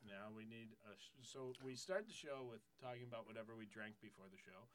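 A man's voice: lowish voice, fast, a bit bright. A man co-hosting a comedy podcast, bantering casually and laughing often. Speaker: podcast co-host.

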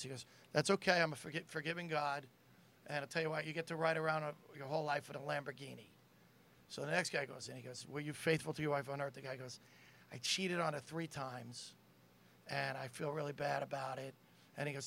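A man's voice: steady tone, a little fast, gravelly, a bit bright, slight background noise. A middle-aged man, a comedian, telling stories and jokes in casual chat and acting out the quotes. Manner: storytelling, acts out quotes in a lowered voice.

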